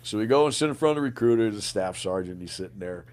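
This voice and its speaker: A man in his sixties, an army veteran and podcast guest, telling stories in an animated way, swearing often and calling the listener man and bro. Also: lowish voice, fast talker. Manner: animated, profane, says man and bro a lot. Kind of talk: storytelling in a podcast interview.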